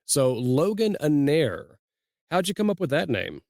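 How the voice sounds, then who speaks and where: A man's voice: on the high side, big pitch swings, a little slow, a little mellow, no echo, clean studio sound. A man hosting an interview podcast, asking questions in a folksy manner and closing the show with a friendly sign-off. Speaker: podcast host.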